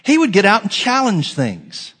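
A man's voice: sits high, wildly swooping pitch, normal speed, slightly rough. Emphatic preaching man in a reverberant hall. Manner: emphatic preaching, swinging from loud to hushed. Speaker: pastor. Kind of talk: sermon.

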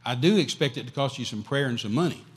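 A man preaching a sermon, emphatic and repetitive, swinging between loud and quiet. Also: mid-range voice, lively intonation, fast, slightly rough, long reverb tail.

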